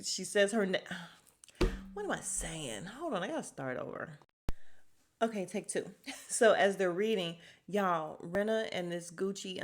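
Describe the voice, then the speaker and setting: A woman hosting a podcast, recapping a reality show in casual, blunt, profane chat and laughing often. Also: fairly low pitch. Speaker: podcast host.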